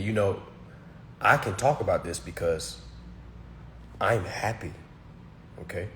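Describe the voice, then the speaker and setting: A man's voice: low voice, gravelly, a bit bright, slight background noise. Blunt, preachy man on a livestream. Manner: preachy, blunt, keeps checking in with "all right?" and "okay?"; emphatic and repetitive, hammering single words. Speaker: livestream host answering viewer comments. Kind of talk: casual livestream monologue.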